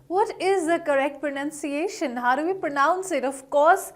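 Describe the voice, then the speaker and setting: High-voiced woman teaching pronunciation. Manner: upbeat, asks the viewer questions and repeats each word slowly. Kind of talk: online pronunciation lesson.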